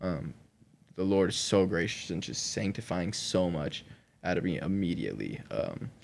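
Guy telling his story on a podcast, kinda low voice, animated, laughs a lot, says like a bunch. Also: moderate pace, vocal fry, a little hiss or hum. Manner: animated, frequent laughter, many "like" fillers. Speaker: guest sharing his conversion testimony. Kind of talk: emotional personal storytelling in a podcast conversation.

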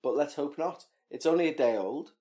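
A man's voice: a little high, expressive, fairly quick, mellow. Chatty man. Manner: chatty, joking, ranting tangents. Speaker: podcast co-host. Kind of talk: casual chat.

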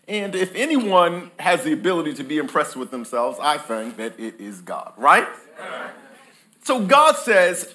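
A man's voice: a little high, very animated, moderate pace, bright, forceful tone. A preacher man in his thirties or forties giving a playful sermon, joking with his congregation and calling for their responses. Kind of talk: lively sermon with audience call-and-response. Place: church hall with live congregation.

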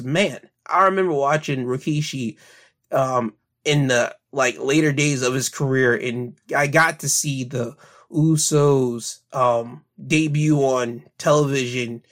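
Man, podcast host, casual wrestling recap, somewhat high voice, rambling with fillers. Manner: recounts events in future tense, filler-heavy.

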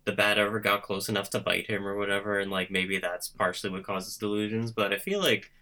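A young man with a low, gravelly voice and a bright, forceful edge chats casually about a film. He is laid-back and often answers with short agreeing words. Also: steady tone, brisk. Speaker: podcast co-host. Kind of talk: casual chat.

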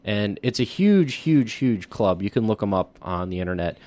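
A man's voice: on the low side, animated, normal speed, a little mellow. A man co-hosting a podcast in casual chat, easygoing, full of "like" and "you know". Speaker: podcast co-host.

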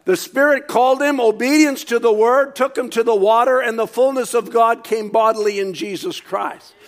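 Speaking at normal speed in an extremely high pitch, a preacher delivers a sermon. He reads out quotations, adds commentary, and shouts when he hits key points.

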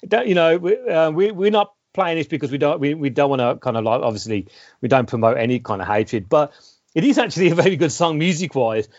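A man's voice: on the high side, fairly quick, a little mellow, dry recording. A man co-hosting a casual film discussion, rambling with many restarts and repeated words. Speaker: podcast co-host. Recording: dull lo-fi sound, dry.

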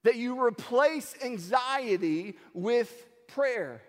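A man preaching a sermon, telling stories in an animated way and acting out the lines he quotes. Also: very high-pitched, drawn-out words. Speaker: pastor. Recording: long hall reverb.

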